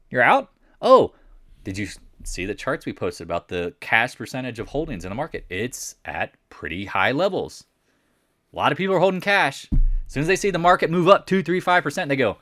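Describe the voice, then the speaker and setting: A man talking through market charts in a blunt, mocking way, full of rhetorical questions. His voice sits at a middle pitch, and it is recorded close and dry with no room sound. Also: big pitch swings, quick pace, a bit bright, no echo. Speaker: market commentator. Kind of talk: casual chart commentary.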